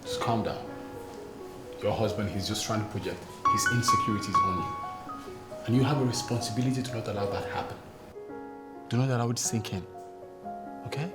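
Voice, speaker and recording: An actor with a Nigerian accent playing a friend who gives calm, firm reassurance. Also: male voice, lowish voice, fairly quick, pauses often, close to an everyday voice. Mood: reassuring. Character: supportive, blunt male friend. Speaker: friend giving advice. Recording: loud music under the dialogue. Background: film score.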